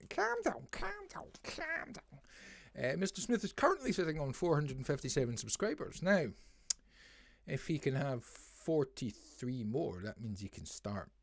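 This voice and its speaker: A man's voice: mid-range voice, no room sound. A man hosting a music review livestream in a rambling, jokey way, full of "eh" fillers. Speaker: podcast host reviewing songs. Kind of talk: casual livestream chat.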